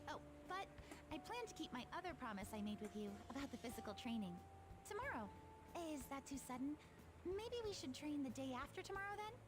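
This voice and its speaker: A woman's voice: high voice, sing-song, a little fast, music in the background. An actress playing a polite, earnest young schoolgirl in a video game, with formal phrasing. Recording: game audio with background noise.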